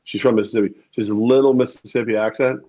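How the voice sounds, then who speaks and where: A man's voice: medium pitch, steady tone, quick pace, mellow. Man with a dull lo-fi sound. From New York State, outside the city. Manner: rambling, hesitant, laughs often. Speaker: co-host. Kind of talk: casual sports chat.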